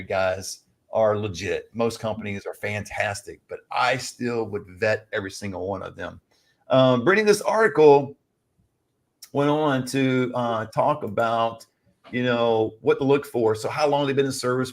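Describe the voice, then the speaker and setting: A man co-hosting a casual advice chat, rambling through a story and calling viewers "guys". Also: medium pitch. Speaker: co-host. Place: lives in California.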